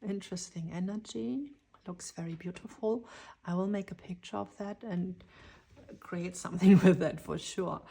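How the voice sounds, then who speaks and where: A woman giving a dreamy, spontaneous channeled tarot reading, drifting into whispers and excited exclamations. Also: on the low side, normal speed, gravelly, slightly rough. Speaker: tarot reader.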